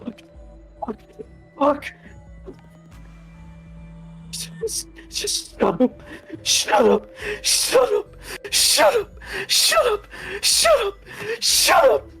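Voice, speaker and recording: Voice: mid-range voice, drawn-out words, pauses often, faint music behind. Player voicing a panicked, unraveling character. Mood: screaming. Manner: stammering, pleading, then shouting. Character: anguished player character losing self-control.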